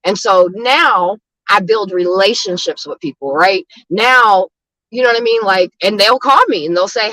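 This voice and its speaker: A woman who does street outreach advocacy chats casually, telling stories at a moderate pace in a medium-pitched voice that sounds pushed and bright. She's frank and blunt, swears often, and keeps saying "you know what I mean." The audio is poor but has no echo.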